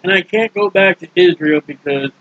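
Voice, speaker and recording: A man preaching in a casual Bible teaching style, folksy and joking, acting out characters in quick asides. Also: sits high, a bit bright, no room sound, highs cut off.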